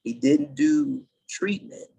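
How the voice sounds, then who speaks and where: A middle-aged man from the United States, a podcast guest, telling his story in an earnest, halting way and restarting dates as he goes. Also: very high-pitched, sing-song, creaky, dark tone, muffled recording. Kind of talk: casual interview storytelling.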